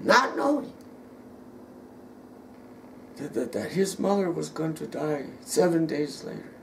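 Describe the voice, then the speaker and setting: Man, middle-aged, gravelly voice, unhurried, halting, repeats words, emotional personal testimony. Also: high voice, a little hiss or hum. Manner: halting, repeats words, drops to a near whisper. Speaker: storyteller giving a personal testimony.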